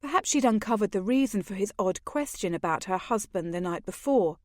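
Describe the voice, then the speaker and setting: A woman reads scripted narration for an audiobook, in a measured storytelling manner. Her voice sits at a medium pitch. The recording is dry and close, with no room echo. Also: expressive, a little mellow.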